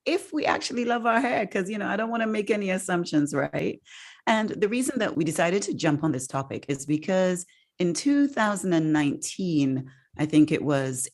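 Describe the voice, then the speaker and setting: A woman hosting a casual podcast, chatty and expressive, laughing often between points. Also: low-pitched. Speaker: podcast host.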